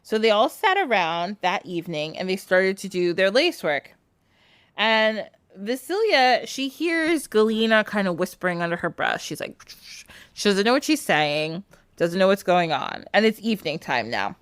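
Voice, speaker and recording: A woman podcast host tells a folk tale in a loose, chatty way, full of laughter and "like". Her voice sits at a middle pitch. The recording is dry and close, with no room echo. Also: moderate pace, clean tone. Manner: animated, laughs often, filler "like". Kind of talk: casual storytelling.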